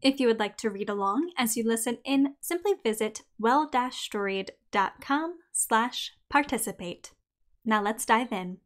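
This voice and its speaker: A young adult woman hosting a podcast, reading a scripted episode in an upbeat, clearly enunciated way. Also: a little high, animated, measured pace, fairly bright tone. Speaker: podcast host.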